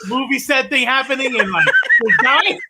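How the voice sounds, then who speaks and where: A man's voice: very high voice, normal speed. A man hosting a casual podcast chat, rambling, self-mocking and laughing often. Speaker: podcast host. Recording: audible background noise.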